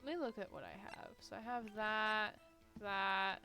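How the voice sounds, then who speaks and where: A woman's voice: medium pitch, unhurried, pushed and bright, faint music behind. A woman on a casual live game stream who reacts with jokes, laughs often and reads lines aloud. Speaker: streamer reading game dialogue.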